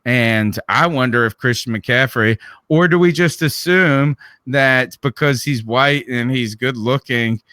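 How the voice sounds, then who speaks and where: Man, Southern accent, bright tone, dry close sound, casual sports talk, rhetorical questions. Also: mid-range voice, measured pace, hardly any pauses, dry recording. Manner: conversational, prone to restarts and rhetorical questions. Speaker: podcast co-host.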